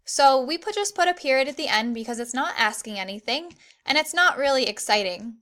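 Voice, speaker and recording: A young woman teaching an online grammar lesson to children, clear and encouraging, reading the examples slowly. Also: high-pitched, expressive, a bit bright.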